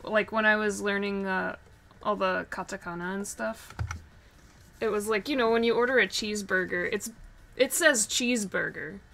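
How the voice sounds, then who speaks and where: A woman streaming casually while drawing, chatting and laughing often, getting animated when she tells a story. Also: medium pitch, normal speed, creaky.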